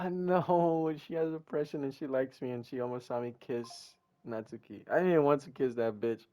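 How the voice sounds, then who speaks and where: A man doing let's play commentary, reacting to a visual novel with loud, excitable outbursts. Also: medium pitch, normal speed. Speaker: gamer reading a visual novel.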